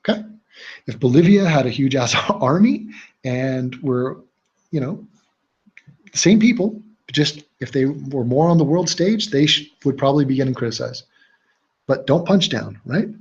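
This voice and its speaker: A young man hosts his own livestream, talking bluntly and rambling through fillers and false starts. His voice has a husky edge. The sound is a little dull and lo-fi. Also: mid-range voice. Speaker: livestream host. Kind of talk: casual livestream chat.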